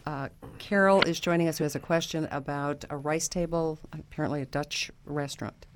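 A man's voice: a little high, steady tone, fairly quick, background noise. A man hosting a radio call-in show, reading out listener recommendations and introducing callers. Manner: takes calls and reads out listener tips. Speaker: radio host.

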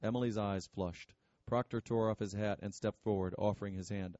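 A man narrating an audiobook in a steady, measured way, with a low voice. His tone is warm and mellow. The recording is dry and a little dull. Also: no room sound.

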